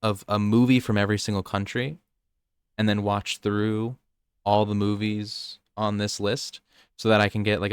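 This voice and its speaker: A man's voice: fairly low pitch, smooth, no room sound, clean studio sound. A young man co-hosting a podcast, rambling through nerdy topics in casual chat and often restarting his sentences. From United States. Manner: rambling, nerdy, self-interrupting. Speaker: podcast co-host.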